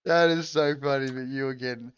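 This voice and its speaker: A man co-hosting a casual chat, blunt and swearing, quick to laugh. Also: medium pitch, fairly even intonation, clear, resonant tone, no room sound, dull audio. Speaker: podcast co-host.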